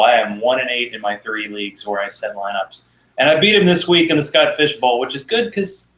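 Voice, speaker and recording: A man's voice: mid-range voice, a bit bright. Wry-talking man host in an echoey room. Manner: rambling, wry. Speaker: podcast host. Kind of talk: casual chat. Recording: roomy echo.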